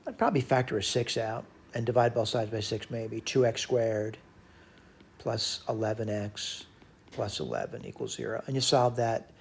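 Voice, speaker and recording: A man teaching a recorded math lecture, working through a problem out loud and correcting his own slips as he goes. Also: mid-range voice, normal speed, vocal fry, slight background noise. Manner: talks to himself while working problems, frequent self-corrections.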